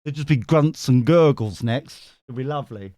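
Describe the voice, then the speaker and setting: This tarot reader streamer has a medium-pitched, dark voice and speaks at a moderate pace. The recording is dry with the highs cut off. He banters casually with his stream audience, cheeky and foul-mouthed, laughing a lot and reading out chat messages.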